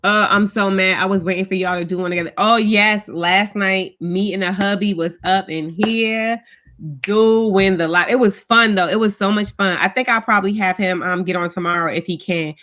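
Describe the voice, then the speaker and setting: A woman's voice: medium pitch, fairly even intonation, moderate pace, a bit bright. A woman, telling stories as she chats casually with viewers on a home live stream. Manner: chatty storytelling, greets commenters by name. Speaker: vlogger doing a live stream. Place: at home, indoors.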